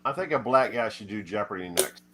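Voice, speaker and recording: A man's voice: lowish voice, lively intonation, brisk, background noise. A man hosting a live stream, chatting casually and joking, often trailing off with fillers. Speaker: host.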